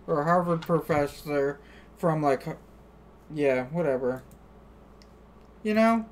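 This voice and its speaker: A woman's voice: deep voice, animated, slow pace, slight background noise. An American woman streamer chatting casually, telling stories with quoted back-and-forth. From United States. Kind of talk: casual chat on a live stream.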